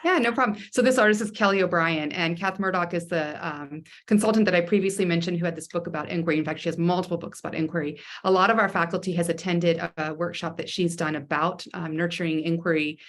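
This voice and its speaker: A woman educator addressing parents over a video call. Her voice is somewhat low. She speaks thoughtfully and often restarts her phrases. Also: fairly even intonation, fast talker, few pauses. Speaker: school educator, mother of a young child. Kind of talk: explanatory presentation.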